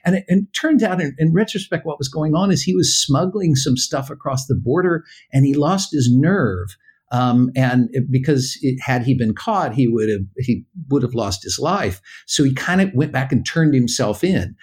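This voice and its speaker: An older man from the United States, a guest in a casual interview, telling a story in a halting, animated way and acting out the dialogue. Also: medium pitch, husky.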